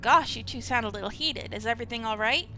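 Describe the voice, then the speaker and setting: A woman voicing a bright, cheery housekeeper who is sweetly polite and eager to help. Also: a little high, fast talker, over music, lightly acted.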